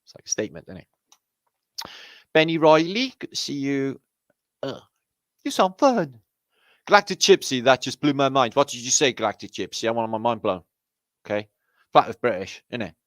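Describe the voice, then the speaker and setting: A Welsh man chats on a livestream, reeling off viewers' names with loose, joking, sweary banter. His pitch rises and falls in a lively way as he talks. The sound is dry and close to the mic. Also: brisk, long pauses, no echo. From Wales. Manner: chatty, swears freely, jokey banter. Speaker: livestream host. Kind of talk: casual livestream chat greeting viewers.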